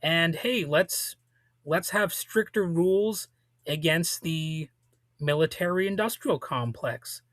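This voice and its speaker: A man's voice: a little high, slow pace, a bit bright, no room sound. A man hosting a casual political commentary, blunt and loose, with a voice that is slightly worn. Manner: casual, blunt, with frequent restarts and swearing. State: losing his voice a little. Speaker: podcast host.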